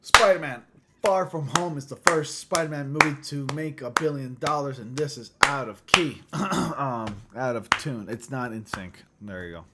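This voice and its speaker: A man hosting a casual livestream chat, loose and profane, who often clears his throat. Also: medium pitch, normal speed, heavy background noise. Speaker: livestream host.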